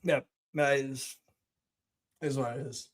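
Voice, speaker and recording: A man's voice: mid-range voice, steady tone, slow. A man hosting a live watch-along stream, giving casual commentary in a profane, ranting, mocking way.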